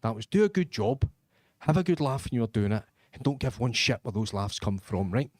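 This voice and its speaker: A man's voice: mid-range voice, lively intonation, brisk, no room sound, clean studio sound. A man doing crude, self-mocking live stand-up comedy in a comedy club.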